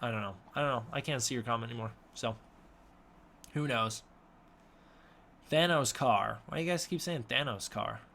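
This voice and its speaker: A man's voice: mid-range voice, normal speed, vocal fry, pauses often, a bit bright, a little hiss or hum. A young man casually answering chat questions on a live stream from his room, mumbling and unsure of himself. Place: home room with a snake tank.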